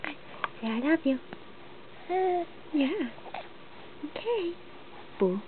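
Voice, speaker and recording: A woman's voice: high voice, big pitch swings, slow, long pauses. A woman filming her baby with a handheld camera at home, cooing in sing-song baby talk and laughing often. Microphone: handheld home video camera. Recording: tinny lo-fi home video with hiss.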